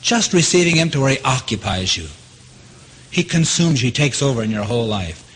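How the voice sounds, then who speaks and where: A man preaching a sermon. He keeps asking his listeners questions and his voice leaps up in pitch to stress a point. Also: a little fast, husky. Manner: animated, asks the audience questions, jumps high in pitch for emphasis. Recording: long hall reverb.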